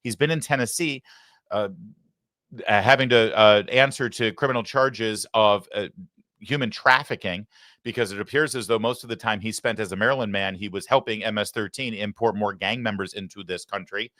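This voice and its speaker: A man's voice: fairly low pitch, normal speed, fairly bright tone, no room sound. A man hosting a live political commentary show, talking in a sarcastic, mocking way into a studio microphone. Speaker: talk show host.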